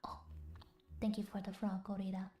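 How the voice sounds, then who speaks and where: A woman streamer speaking softly in a whispered role-play, chatting to her viewers with giggles between words. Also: medium pitch, completely flat delivery, normal speed. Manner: soft whispered chat, giggly, chats with viewers. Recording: roomy with faint music.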